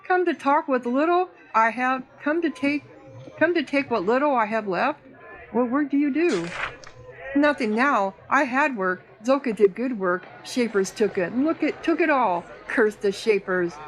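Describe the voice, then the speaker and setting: A woman's voice: high voice, lively intonation, unhurried, poor audio. A woman voicing a drunk, angry male cat-folk blacksmith who speaks in broken, bitter phrases in a game.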